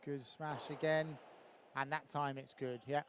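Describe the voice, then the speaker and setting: A man's voice: on the high side, a little slow, a little hiss or hum. Chatty man commentating a padel match. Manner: relaxed, chatty, with frequent ums and laughs.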